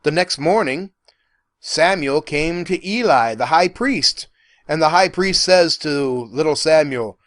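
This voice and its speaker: A professor narrating a lecture in an animated, folksy storytelling manner. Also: male voice, fairly high pitch, measured pace, dry recording, clean studio sound.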